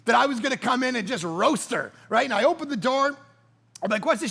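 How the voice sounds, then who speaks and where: A man preaching a sermon, his voice pitched high for a man with a gravelly rasp. He tells everyday stories in an animated, joking way. He sounds like he is in his thirties. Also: fast. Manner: storytelling, animated and jokey. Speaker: pastor.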